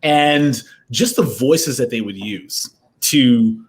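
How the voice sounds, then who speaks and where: A man's voice: medium pitch, slow. A man talking as an actor guest in a casual interview, telling rambling stories and laughing often, over a video call. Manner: rambling, chatty storytelling with frequent laughs.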